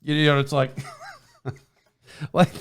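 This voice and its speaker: Speaking into a mic fitted with a foam windscreen, this podcast host tells a rambling story in relaxed conversation, often restarting and laughing. His voice is somewhat high with little pitch movement, and he draws out his words.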